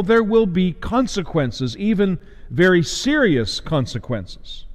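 A man delivering a sermon as a preacher, measured, with emphatic rises and slowed stresses. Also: on the high side, a little mellow, big-room sound.

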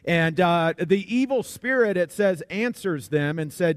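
A man's voice: high voice, expressive, a little slow, hardly any pauses, no echo, studio quality. Folksy, conversational male preacher. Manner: conversational, repeats words, folksy humor. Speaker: pastor. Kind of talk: sermon.

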